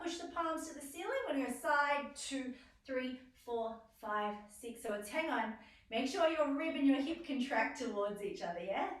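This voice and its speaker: High-voiced woman coaching a stretch class. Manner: encouraging, counting reps and giving cues. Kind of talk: guided exercise class instruction. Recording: roomy echo, voice from far off.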